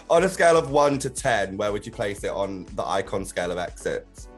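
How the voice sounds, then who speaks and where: A man's voice: fairly low pitch, sing-song, moderate pace, faint music behind. A man hosting an interview in a bubbly, teasing and camp manner. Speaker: host.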